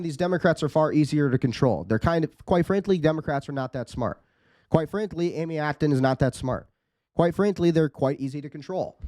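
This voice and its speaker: A man's voice: a little high, mellow, no room sound. Indignant male political commentator, dry sound. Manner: indignant, piles up rhetorical questions. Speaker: host and commentator.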